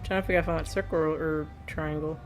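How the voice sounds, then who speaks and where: A woman's voice: low-pitched, steady tone, fast talker, faint music behind. A woman streamer rambling casually while playing a video game, laughing often as she talks. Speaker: let's play streamer. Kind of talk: casual gameplay commentary.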